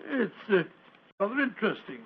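A man's voice: high-pitched, sing-song, moderate pace, breathy edge, exaggerated voice. An actor playing a bluff, hearty male companion in 1940s radio-drama style, given to stammering exclamations. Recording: tinny old radio broadcast with faint hiss.

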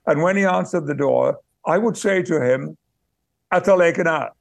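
An older man with crisp received pronunciation and a gravelly edge tells his stories slowly and thoughtfully, often pausing to find the right word. His voice sits slightly high for a man. The recording is close and dry, with no room sound. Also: no echo. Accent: British received pronunciation. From Yorkshire, England. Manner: measured, thoughtful, pausing to search for words. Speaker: guest, actor and memoir author. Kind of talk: reflective interview storytelling.

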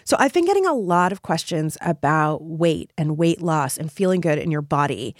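Effusive woman podcast host, low voice. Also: big pitch swings, normal speed, no room sound, studio quality. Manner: effusive, encouraging, emphatic. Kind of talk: solo podcast monologue.

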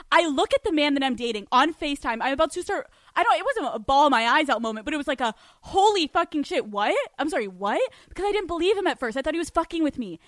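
High-voiced young woman telling a wild story. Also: no room sound. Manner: animated, profane, laughing storyteller. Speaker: podcast host. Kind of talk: storytelling monologue.

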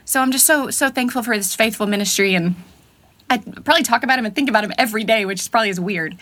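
A woman's voice: a little high, quick pace, fairly bright tone. A woman in her thirties, speaking in a heartfelt way as a guest in a casual conversation. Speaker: podcast guest.

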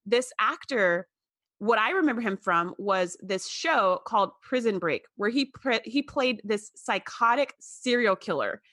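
A woman's voice: medium pitch, animated, measured pace, a bit bright, no echo, clean studio sound. A woman co-hosting a casual podcast, chatty and fond of acting out characters' lines. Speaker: podcast co-host.

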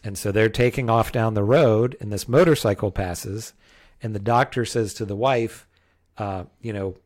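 A man's voice: lowish voice, moderate pace, a little mellow. A man co-hosting a casual film review podcast, talking loosely with frequent restarts and hedges. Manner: rambling, many restarts and hedges. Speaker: podcast co-host.

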